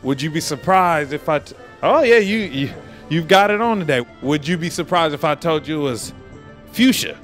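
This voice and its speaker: A man's voice: fairly high pitch, lively intonation, moderate pace, faint music behind. A man hosting a man-on-the-street interview, joking and teasing the people he stops outdoors.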